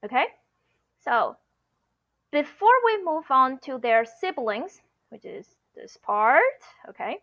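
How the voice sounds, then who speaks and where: A woman teaching a pronunciation lesson, slowly and patiently drilling each sound. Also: high-pitched, very animated, muffled recording. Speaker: Mandarin teacher.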